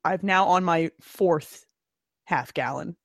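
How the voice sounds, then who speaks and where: A woman co-hosting a casual podcast chat, animated and profane, laughing often. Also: lowish voice, slow pace, dry recording, studio quality. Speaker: podcast co-host.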